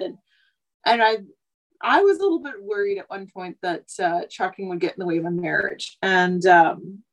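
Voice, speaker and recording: A woman's voice: mid-range voice, rough recording. A woman in her thirties from Canada, a truck driver chatting casually on a podcast, rambling with lots of asides. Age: 30s. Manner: talkative, rambling, many "like" and "you know" asides.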